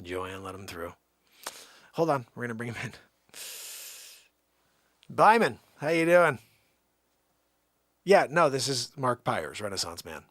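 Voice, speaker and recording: A man's voice: fairly low pitch, very animated, normal speed, no echo, clean studio sound. A man hosting a live stream, talking in a rambling, sarcastic, jokey way. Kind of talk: casual live-stream banter.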